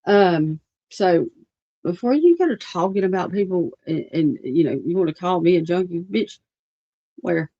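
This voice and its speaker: A woman's voice: on the low side, expressive, normal speed, warm tone, no room sound. Blunt, profane woman ranting. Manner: blunt, profane and rambling, with many fillers. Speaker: livestream host. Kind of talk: livestream rant. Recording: dull lo-fi stream audio.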